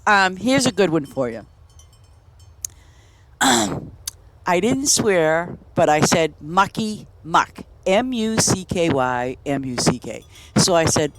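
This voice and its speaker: A woman's voice: fairly low pitch, slight background noise. A woman chatting casually while she streams a game, rambling from story to story and laughing often. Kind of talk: casual chat while playing. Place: home, in Boston.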